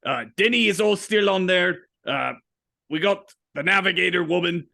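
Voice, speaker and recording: Man putting on a raspy, bright old pirate captain, loud and hearty. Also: high-pitched, moderate pace, pitched above the performer's own voice, exaggerated voice. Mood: gruff. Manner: hearty, growling pirate talk. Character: gruff old male pirate ship captain.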